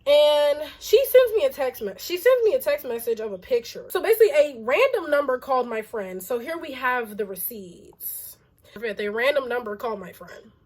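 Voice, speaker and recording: A young adult woman vlogger telling a casual storytime, animated and exasperated, with lots of "like" fillers. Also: high voice, moderate pace. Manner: animated and exasperated, heavy use of "like".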